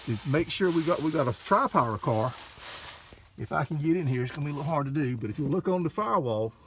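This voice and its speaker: Excited older man showing a classic car. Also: medium pitch, slight background noise. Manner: excited, folksy, talks to viewers as folks. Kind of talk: casual walkaround narration. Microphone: handheld camera mic.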